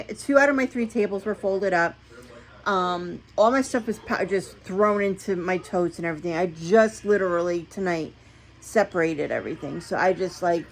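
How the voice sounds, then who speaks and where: A woman's voice: mid-range voice, slight background noise, low-quality recording. A middle-aged woman, telling a long personal story to the camera in a chatty, rambling way with many restarts. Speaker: vlogger. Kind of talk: casual storytelling vlog.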